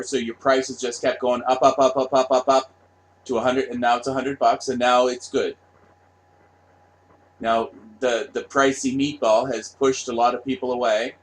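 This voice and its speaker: Man ranting, swearing and repeating himself. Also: medium pitch. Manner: profane, repetitive, sarcastic. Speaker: vlogger. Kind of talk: casual rant.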